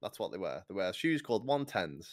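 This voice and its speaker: A man's voice: low voice, big pitch swings, no room sound, studio quality. A young man from Liverpool with a Scouse accent, a blunt and opinionated podcast co-host. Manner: blunt, opinionated, quick to laugh. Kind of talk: casual chat.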